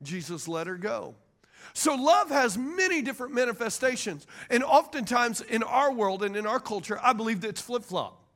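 Preaching as pastor, a man with a very high, slightly bright voice speaks expressively at normal speed. He asks the congregation for amens and agreement in call-and-response style.

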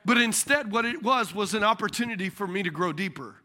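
A male pastor with a very high, bright voice delivering a sermon. He tells stories with animated energy, and his tone stays forceful and ringing. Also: a little fast. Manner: animated storytelling preacher.

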